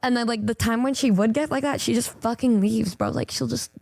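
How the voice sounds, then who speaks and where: Woman guest, higher voice, dry close mic, chatty storyteller who acts out quotes. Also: fairly even intonation, fairly quick, vocal fry, darkish tone, no echo. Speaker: streamer guest. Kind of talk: casual chat on stream.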